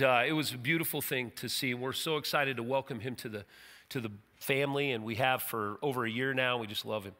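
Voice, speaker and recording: A man's voice: a little high, sharp tone, in a large hall. A middle-aged man preaching as pastor of his church, folksy and joking, with emphatic turns. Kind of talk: sermon. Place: church sanctuary.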